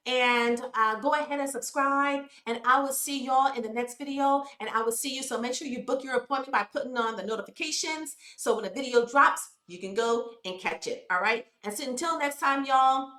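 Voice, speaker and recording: Emphatic woman vlogger, bright and echoey. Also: high voice, moderate pace, hardly any pauses. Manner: preachy, emphatic, addresses viewers as "y'all". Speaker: YouTube commentary host. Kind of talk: casual commentary vlog.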